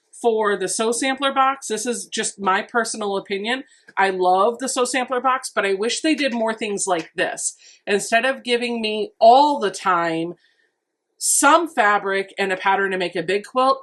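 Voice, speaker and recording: A woman's voice: medium pitch, fairly bright tone. Chatty woman quilting vlogger. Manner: chatty and enthusiastic, thinking aloud. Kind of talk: casual unboxing narration.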